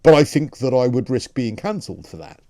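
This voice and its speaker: A male radio host talks from a dry, close studio mic. His pitch rises and falls widely as he throws out rhetorical questions, stumbling over words now and then. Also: big pitch swings, fairly quick, mellow, no room sound. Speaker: radio talk show host. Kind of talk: opinion radio discussion.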